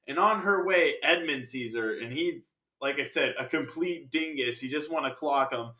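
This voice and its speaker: Bright, rambling man reviewing a film. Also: a little high, moderate pace, reverberant. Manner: rambling, jokey, sidetracked asides.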